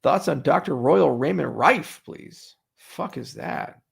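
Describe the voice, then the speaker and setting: A man's voice: fairly high pitch, animated, slow pace, vocal fry, husky. A man hosting a casual livestream Q&A, reading viewer questions and answering in a sarcastic, joking way with frequent swearing.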